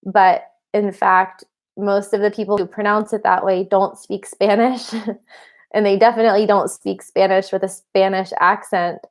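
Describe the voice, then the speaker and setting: A woman in her thirties chats on a livestream in an easy, rambling way, reading out and answering viewer questions. She laughs often and sounds a little tired. Her voice sits at an ordinary middle pitch. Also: little pitch movement, normal speed. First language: English. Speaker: livestream host. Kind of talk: casual livestream chat.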